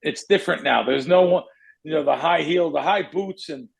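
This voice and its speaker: A middle-aged man with a gravelly, fairly high voice spins a long story as a podcast host. He rambles, stops himself and restarts, and gets animated as he talks. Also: moderate pace, rough recording. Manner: rambling, self-correcting, animated. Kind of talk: casual storytelling.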